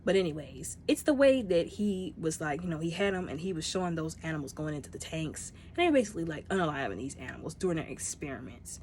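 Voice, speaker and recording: A woman casually reviewing a movie, chatty and emotional, talking straight to her viewers and acting out the characters' lines in quick bursts. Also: sits low, expressive, a little mellow, slight background noise.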